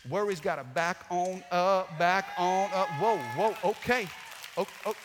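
A man preaching a sermon with dynamic delivery, swinging from loud to soft. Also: high voice, a little slow, slight background noise. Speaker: pastor. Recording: long hall reverb.

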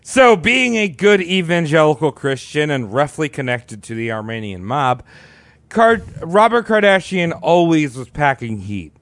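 A man's voice: a little high, very animated, measured pace, a bit bright, no echo. A man casually telling a crude story on a podcast, rambling and acting out quotes. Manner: rambling, profane, acts out quotes.

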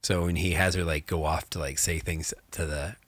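A man chatting casually as a game master, animated and rambling, with many fillers. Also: low voice, moderate pace, dry recording. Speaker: game master, podcast co-host. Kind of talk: casual chat.

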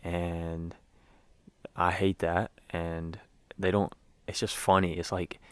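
Young man, low voice, smooth and resonant, rambling casual recap, dry close sound. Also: flat delivery, slow, fairly bright tone, no echo. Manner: rambling, many fillers and restarts. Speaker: sports fan.

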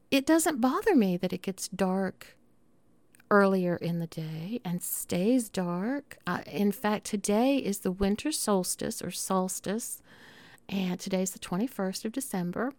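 A middle-aged woman with a Southern drawl talks straight to her listeners in a loose, chatty podcast monologue. She rambles warmly, doubles back and restarts her sentences. Her voice sits in a middle register, and the recording is close and dry with no room sound. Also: mid-range voice, no echo. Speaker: podcast host. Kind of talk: casual monologue.

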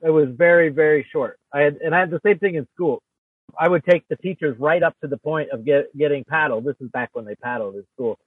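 Guest man, husky, slightly high, rambling and self-interrupting, phone-line sound. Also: fairly quick, no echo. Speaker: podcast guest. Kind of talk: casual storytelling chat.

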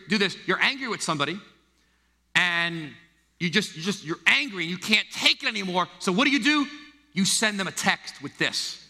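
A middle-aged American man preaching a sermon, animated and acting out the voices he quotes. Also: sits high, gravelly. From United States. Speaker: pastor. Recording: long hall reverb.

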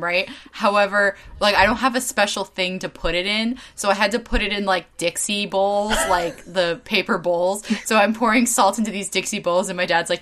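A woman co-hosts a podcast in casual chat, telling a story that rambles and keeps interrupting itself. Her mid-range voice is steady and a little bright, moving at a moderate pace.

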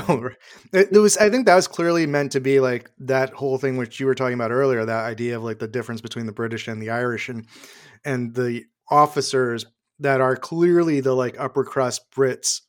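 A man's voice: mid-range voice, a little fast. A man co-hosting a casual movie podcast, laid-back and joking.

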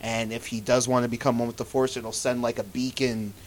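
A man in casual chat, retelling show scenes with lively acted-out quotes and some swearing. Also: medium pitch, fairly quick, slight background noise.

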